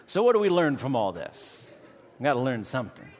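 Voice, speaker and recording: A male pastor tells a lively personal anecdote and then turns it toward scripture in a steady preaching cadence. His voice sits at an ordinary middle pitch. The room gives it a long, church-like reverb. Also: a little fast. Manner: animated storytelling, acts out voices, preachy cadence. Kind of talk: sermon with personal story.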